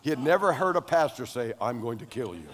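An older man preaching a sermon as pastor, telling animated stories that rise to loud exclamations. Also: medium pitch, fairly quick, long reverb tail, noisy background.

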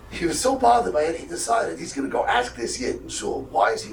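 A man's voice: high voice, quick pace, gravelly, hardly any pauses, a little hiss or hum. A man, acting out the voices as he tells a story at a camp. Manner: animated storyteller, acting out dialogue with sudden loud bursts. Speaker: camp speaker. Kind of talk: storytelling talk. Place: camp hall. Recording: echoey room, mic far off.

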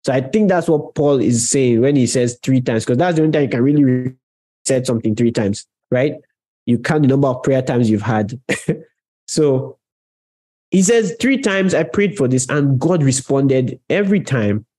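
A man's voice: mid-range voice, expressive, normal speed, warm tone. A man preaching a conversational sermon on prayer, talking directly to his listeners and stressing key words. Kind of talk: sermon teaching.

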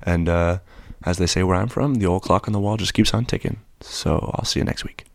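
A young man co-hosting a podcast, joking and quick, cutting in with banter. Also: low-pitched, creaky. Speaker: podcast co-host.

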